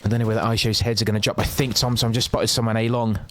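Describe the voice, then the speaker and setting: A man giving quick, excitable live play-by-play as a game shoutcaster, with casual asides to his viewers. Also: lowish voice, slight background noise. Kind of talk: live esports commentary.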